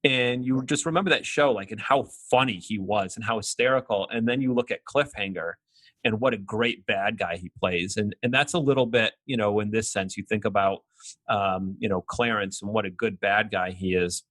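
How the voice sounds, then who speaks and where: A man's voice: lowish voice, normal speed, fairly bright tone, no echo. A man co-hosting a podcast, talking casually in a rambling way and laughing often. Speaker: podcast co-host. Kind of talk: casual chat.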